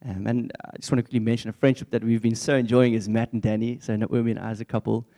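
A man's voice: mid-range voice, level tone, fast, warm tone. A young man preaching a candid, conversational sermon in church.

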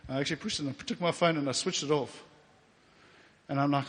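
A South African man gives a heartfelt testimony sermon, his fairly high voice ringing through a church hall with a long tail of reverb. He talks in a loose, conversational way, voicing his own thoughts in quotes, and his feelings stay close to the surface. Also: steady tone, fast talker, pauses often, a bit bright. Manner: emotional, getting teary at times; conversational with fillers and quoted inner speech. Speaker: preacher.

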